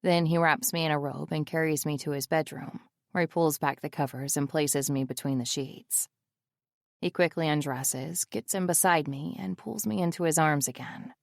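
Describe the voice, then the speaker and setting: A woman's voice: sits low, normal speed, gravelly, no room sound. A woman narrating a first-person romance audiobook in an intimate, emotional way on a close studio mic.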